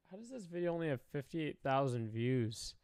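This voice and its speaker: A man's voice: on the high side, big pitch swings, moderate pace, darkish tone, clean tone, no room sound, clean studio sound. A young man doing casual reaction commentary, talking emotionally, often sighing, swearing and trailing off. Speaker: commentary streamer.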